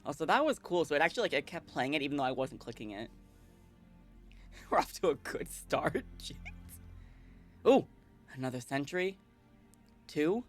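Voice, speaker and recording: A woman streaming a visual novel, talking casually with a pitch that leaps all over the place. She is chatty, quick to laugh, and scolds her cat. Faint game music plays behind her. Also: sing-song. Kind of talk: casual livestream chat while reading a visual novel.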